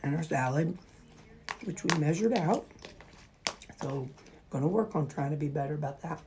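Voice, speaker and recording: A woman's voice: low voice, moderate pace, noisy background. A woman vlogging casually from her home kitchen, rambling along with plenty of fillers and restarts. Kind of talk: casual chatty diet vlog. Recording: echoey kitchen with dish clatter.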